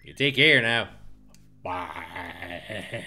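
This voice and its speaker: Streamer, male, wry joking tone, pitch swinging high and low, desk mic. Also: lively intonation, very slow, bright, forceful tone, faint music behind. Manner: wry, joking asides to viewers. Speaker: let's play streamer. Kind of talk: casual gameplay commentary.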